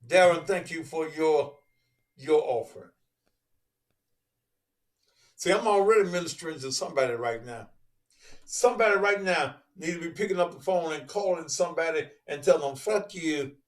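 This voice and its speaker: A middle-aged man, preaching in a monologue that swings from slow quiet reflection to shouted profane outbursts. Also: on the high side, distant mic. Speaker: preacher and online show host.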